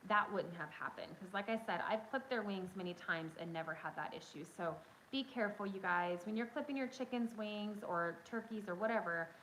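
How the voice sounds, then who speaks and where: A chatty, excitable woman talks to her viewers through a phone mic at home. Her pitch sits in an ordinary middle range, with a faint hiss of background noise under her voice. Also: rough recording. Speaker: livestream host. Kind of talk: casual storytelling chat.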